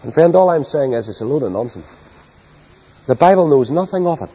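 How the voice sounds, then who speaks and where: A man preaching a sermon with great passion, soaring to loud high peaks and then dropping low and quiet, and putting questions to his listeners. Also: lively intonation, a little fast, husky, in a large hall, rough recording. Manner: rhetorical questions to the congregation.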